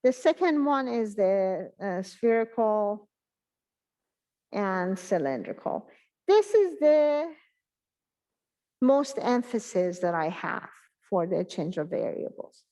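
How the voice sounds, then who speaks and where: A woman giving a math exam review in an online class, talking in a halting way and thinking aloud with many pauses and fillers. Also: medium pitch, sing-song, dark tone, rough recording. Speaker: math instructor.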